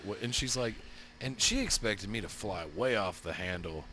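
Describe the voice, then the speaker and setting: Bright-voiced profane storyteller. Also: male voice, fairly low pitch, moderate pace. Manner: profane, animated storyteller who acts out his own yelling. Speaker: podcast co-host. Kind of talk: casual storytelling chat.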